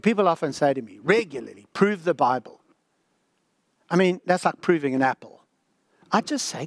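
A man preaching a sermon with emphatic repetition, swinging between loud peaks and hushed asides. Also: high-pitched, big pitch swings, brisk, no room sound, studio quality.

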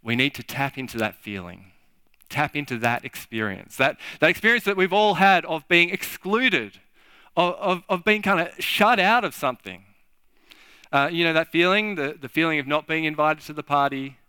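A man preaching a sermon in a halting, repetitive way, acting out little scenes as he talks. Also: medium pitch, bright, forceful tone, clean tone, dry recording. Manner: halting, repeats words, acts out little scenes. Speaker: pastor. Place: church.

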